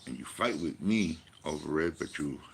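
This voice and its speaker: Gravelly, very deep-voiced man ranting. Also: lively intonation, normal speed, a little hiss or hum. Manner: emphatic, profane, rhetorical questions. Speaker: vlogger. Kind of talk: rambling personal monologue.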